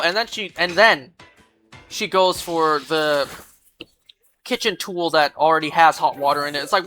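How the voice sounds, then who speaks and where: A woman with a bright, forceful voice pitched on the low side, chatting casually while she plays a game on stream. She vents in an exasperated, ranting way and swears freely, with faint game music behind her. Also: moderate pace. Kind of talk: casual chat while gaming.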